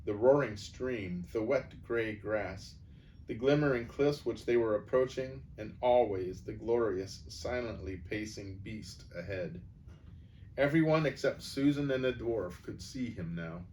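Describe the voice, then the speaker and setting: A man reading a children's novel aloud, expressive and changing his voice for the characters. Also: fairly low pitch, unhurried, far from the mic, a little hiss or hum. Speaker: storyteller.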